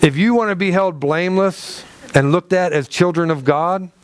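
High-voiced man preaching a conversational sermon. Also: moderate pace. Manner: conversational preaching with asides and laughs. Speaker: pastor. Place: church hall.

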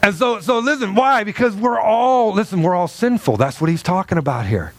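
A high-voiced male pastor delivers an emphatic sermon. He stumbles through fillers and restarts and keeps calling out to his congregation. His voice sounds close and dry. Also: animated, normal speed, no echo.

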